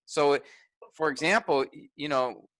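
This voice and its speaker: Guy teaching a workshop, bright voice, dry close sound, chatty with lots of restarts. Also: a little high, unhurried, no room sound, rough recording. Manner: conversational, thinks aloud with restarts and fillers.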